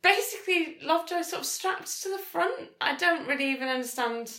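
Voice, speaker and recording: A woman co-hosting a relaxed chat who giggles often. Her voice is high and bright. The sound carries a roomy echo. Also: a little fast. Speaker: podcast co-host. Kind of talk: casual chat.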